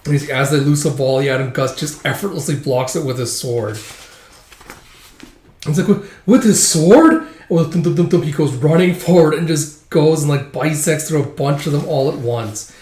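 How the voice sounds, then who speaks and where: Man, casual manga read-through, filler-heavy, slightly high pitch, echoey room. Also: moderate pace, a little mellow. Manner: loose retelling with many fillers. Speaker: manga reader.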